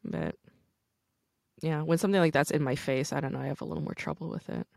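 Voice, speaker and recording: A low-voiced American woman talks quickly with vocal fry, captured in a dry, clean studio recording. As host of a casual conversation, she tells stories frankly and energetically, using "like" often.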